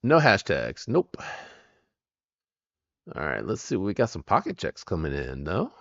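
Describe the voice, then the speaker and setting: A man's voice: deep voice, wildly swooping pitch, measured pace, vocal fry, fairly bright tone, no room sound, highs cut off. A man hosting a live stream, chatting casually and rambling as he greets viewers by name.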